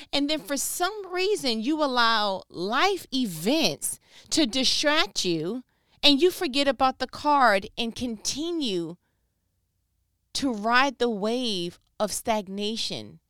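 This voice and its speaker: An older woman talking at home in a casual faith-based monologue, animated and full of vivid analogies. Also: a little high, smooth, no room sound, clean studio sound. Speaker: vlogger.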